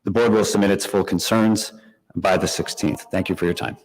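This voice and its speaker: A man speaking for a school district, reading a prepared statement at a public meeting in a measured, formal way. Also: deep voice, fairly even intonation, very noisy. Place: town meeting hall. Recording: long reverb in a meeting hall.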